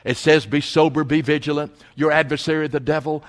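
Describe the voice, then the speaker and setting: Male pastor, slightly high voice, preaching in a church with long reverb; loud on scripture, quiet on asides. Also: fairly even intonation, brisk, hardly any pauses. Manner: preaching, swings between loud scripture quotes and hushed asides. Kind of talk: sermon. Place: church sanctuary.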